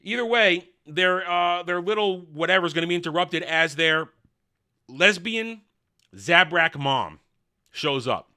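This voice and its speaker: A man delivering a blunt, sarcastic review monologue, waving things off with scorn. His voice sits a little high and sounds bright and forceful. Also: animated, measured pace. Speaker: TV show reviewer.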